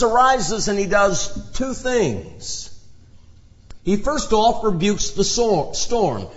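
High, lively male preacher in a reverberant hall. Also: takes it slowly. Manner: expository Bible teaching, dramatic shifts in emphasis. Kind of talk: sermon. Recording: dull lo-fi sound with long hall reverb.

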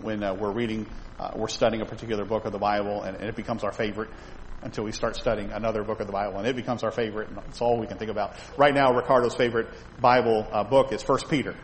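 A man's voice: lowish voice, fast. A man teaching a Bible lesson in a conversational way, asking his listeners questions as he points to slides. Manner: animated, conversational, asks the audience questions. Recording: reverberant hall with faint background noise.

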